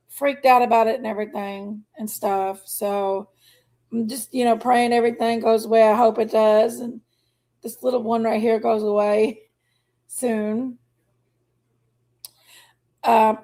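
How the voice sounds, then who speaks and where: In a high, slightly mellow voice with gravelly fry, a woman hosts a casual livestream chat and greets her viewers by name. She's chatty, says honey and y'all, and speaks emotionally and openly about her own struggles.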